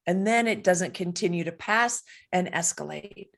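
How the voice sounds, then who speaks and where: A middle-aged woman speaks in an ordinary mid-range voice, earnest and animated as she answers an interviewer. She tells personal stories in a warm conversational way, now and then laughing through a line. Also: mid-range voice, brisk, hardly any pauses. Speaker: guest, coach and speaker.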